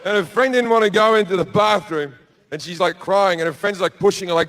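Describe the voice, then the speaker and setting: A man's voice: sits high, brisk, a bit bright. A man doing stand-up storytelling in a large theatre, brash and profane, slipping into acted-out voices. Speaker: stand-up comedian. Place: large theatre with a live audience.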